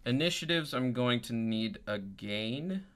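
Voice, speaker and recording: A man's voice: medium pitch, lively intonation, measured pace, a bit bright. A man running a tabletop game as dungeon master, narrating in an easygoing, chatty way and laughing often.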